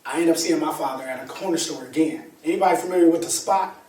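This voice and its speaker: High-voiced man telling his story. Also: quick pace, a little hiss or hum. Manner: animated, colloquial storytelling with laughter. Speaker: motivational speaker. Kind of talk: personal storytelling talk to an audience. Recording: echoey room, distant mic, faint ambience.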